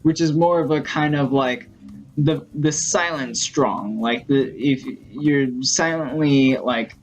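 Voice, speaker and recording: A man vlogging in a casual storytelling style, rambling and excitable, full of fillers. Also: mid-range voice, slow, highs cut off. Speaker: gaming vlogger.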